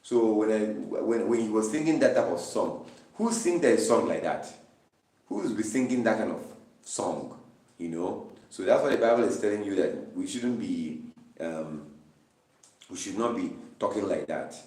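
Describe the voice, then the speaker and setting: A man's voice: fairly low pitch, lively intonation, moderate pace, darkish tone. A man leading a Bible study, reading verses aloud and explaining them with repeated, emphatic phrases. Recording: roomy, distant mic.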